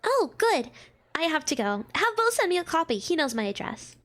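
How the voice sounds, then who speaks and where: A woman's voice: sits high, very animated, normal speed, a bit bright. A woman reading a friendly party host. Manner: polite, encouraging reading of game lines.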